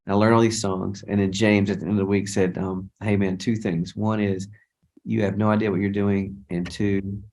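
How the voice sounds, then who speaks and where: A middle-aged man speaks as a guest on a casual interview, telling an old story at length. His voice sits low. He keeps restarting his sentences and acts out what people said to him. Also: little pitch movement, normal speed, darkish tone. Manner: rambling, with frequent restarts and quoted dialogue. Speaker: guest songwriter and worship leader.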